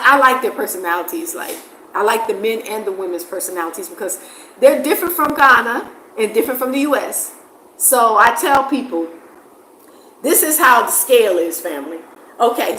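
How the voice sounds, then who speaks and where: An expressive woman from the States, chatting casually to camera. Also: fairly high pitch, echoey room, slight background noise, rough recording. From United States. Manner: expressive, animated, laughs often. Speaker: vlogger.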